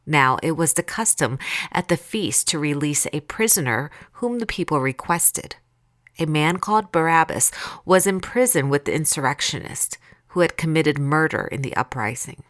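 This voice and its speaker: A woman reading scripture aloud in a calm, deliberate, expressive way. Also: deep voice, no echo, studio quality. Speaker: Bible reader.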